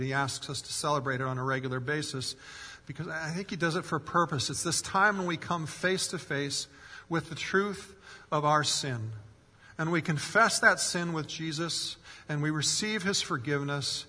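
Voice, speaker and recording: A man's voice: fairly high pitch, sharp tone. A male pastor preaching a sermon in an earnest way, rising in force for emphasis and acting out quoted voices. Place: church sanctuary. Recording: long hall reverb.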